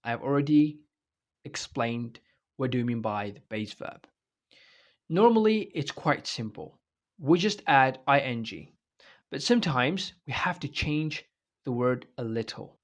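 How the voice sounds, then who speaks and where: A man's voice: medium pitch, very animated, unhurried. Man, online grammar lesson, explanatory teacher, checks in with "right?". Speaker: English teacher.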